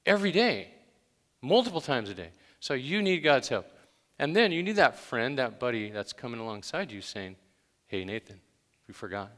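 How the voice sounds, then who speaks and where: A man's voice: medium pitch, very animated, moderate pace, a bit bright. A man preaching a conversational sermon to a church congregation, stressing each command with emphasis. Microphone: handheld microphone. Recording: long hall reverb.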